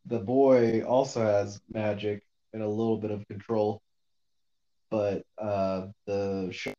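A man's voice: fairly low pitch, level tone, slow pace, warm tone, highs cut off. A man casually recapping a novel on a podcast, rambling with lots of fillers and the odd swear. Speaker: podcast co-host recapping a book. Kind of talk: casual book discussion.

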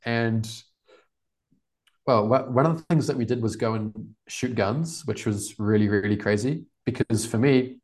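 Podcast guest: New Zealand man in his twenties, relaxed and rambling. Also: mid-range voice, measured pace. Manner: relaxed, rambling, laughs often. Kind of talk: casual storytelling interview.

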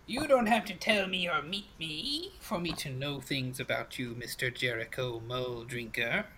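A man voicing a hunched old woman fortune teller with a crackling voice, slow and knowing. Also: a bass voice, a bit bright. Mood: sly.

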